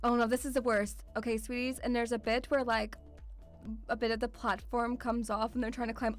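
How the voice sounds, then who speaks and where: A woman's voice: on the high side, fairly even intonation, moderate pace, soft background music. A woman streamer reacting to a video, swearing freely, shrieking and laughing in fright and calling her viewers sweetie. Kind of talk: casual reaction commentary.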